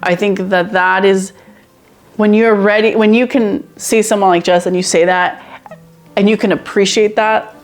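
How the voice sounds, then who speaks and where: A woman hosting a casual podcast chat, animated, laughing often and repeating phrases. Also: medium pitch, moderate pace. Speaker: podcast host.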